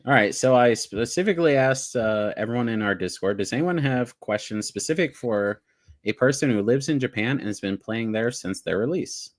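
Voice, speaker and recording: A man's voice: mid-range voice, lively intonation, moderate pace, dry recording, studio quality. A man co-hosting a podcast, asking questions in an upbeat, joking way. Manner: upbeat, asks questions, laughs easily. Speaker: podcast co-host. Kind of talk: casual podcast interview.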